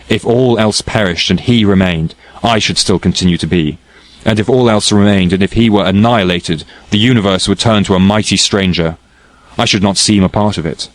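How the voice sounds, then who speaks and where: Guy reading as a passionate stubborn young woman, raised a bit higher than his own low voice, declaiming, dry close sound. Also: no room sound, natural voice, low-quality recording. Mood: fervent. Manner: impassioned, declaiming. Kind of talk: audiobook character reading.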